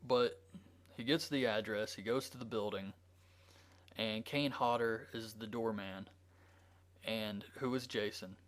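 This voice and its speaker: A man's voice: on the low side, steady tone, a little slow, pauses often. A man reviewing a movie, retelling the plot in a loose, rambling way with frequent filler words. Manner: rambling, with frequent ums and likes. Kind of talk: casual plot recap.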